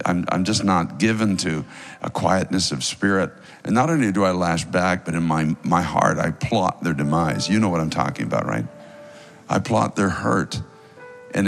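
Deep gravelly man praying at altar. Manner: earnest, pleading preacher cadence. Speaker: pastor leading altar prayer. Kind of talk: sermon prayer over music.

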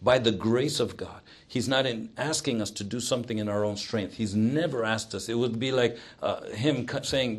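A man delivering a sermon at a middle pitch. He moves from raised, emphatic exhortation down to quiet, prayerful murmurs. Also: normal speed, hardly any pauses, husky. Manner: emphatic, swings between loud exhortation and hushed prayer. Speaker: preacher.

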